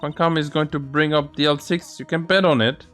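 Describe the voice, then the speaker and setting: A man voicing an excitable young woman sidekick who rambles through questions, over faint game music. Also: on the high side, brisk, lightly acted. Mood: eager.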